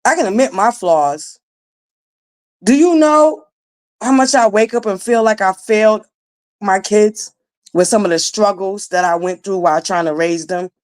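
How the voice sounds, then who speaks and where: A woman in her forties with a naturally raspy voice, hosting a casual live-stream commentary, blunt and profane, talking straight to her viewers. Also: mid-range voice, measured pace, a little mellow. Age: 40s. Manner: blunt, profane, emphatic, addresses viewers directly. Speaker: livestream commentary host.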